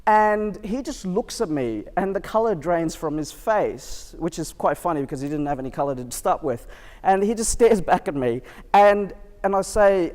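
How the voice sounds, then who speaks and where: Male keynote speaker, higher-pitched voice, chatty storyteller, long hall reverb from a live venue. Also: lively intonation, normal speed, darkish tone. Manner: chatty storytelling, quizzes the crowd. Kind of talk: live keynote talk to an audience.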